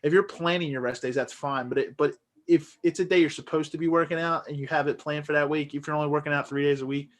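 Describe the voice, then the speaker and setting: A man's voice: a little high, fairly even intonation, quick pace. A man co-hosting a podcast, talking earnestly and motivationally in casual chat with plenty of fillers. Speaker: podcast co-host.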